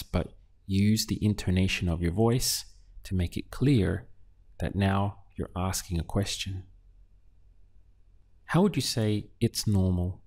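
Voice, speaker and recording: A man's voice: low voice, a little mellow. A man teaching a beginner language lesson, patiently prompting the learner and then giving each answer. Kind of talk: slow instructional lesson.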